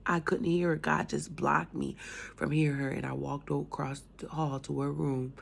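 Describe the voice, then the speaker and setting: A woman with a cold telling her faith testimony in a casual, animated way, moving between loud outbursts and hushed whispers. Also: deep voice, normal speed, vocal fry. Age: adult with a young son. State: has a cold, coughing. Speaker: speaker sharing her testimony.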